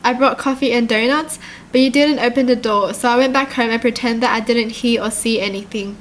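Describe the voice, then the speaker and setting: A devoted young boyfriend from a text-message story, tender and pleading, as a woman reads him out. The voice stays high and light. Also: fairly even intonation, a little fast, slight background noise, lightly acted.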